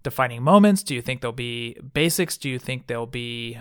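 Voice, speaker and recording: A man co-hosting a casual podcast chat, easygoing and quick to laugh. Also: mid-range voice, animated, fairly bright tone, clear, resonant tone, no echo, clean studio sound. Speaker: podcast co-host.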